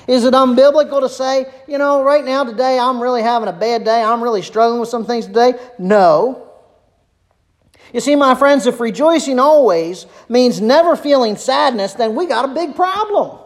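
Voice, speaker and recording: A woman pastor preaching a conversational sermon, asking rhetorical questions and dropping her voice low and quiet for emphasis. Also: moderate pace.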